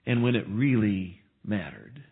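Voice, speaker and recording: A man preaching a sermon, retelling a story with lively asides and chuckles. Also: lowish voice, measured pace, husky. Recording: tinny phone-like sound.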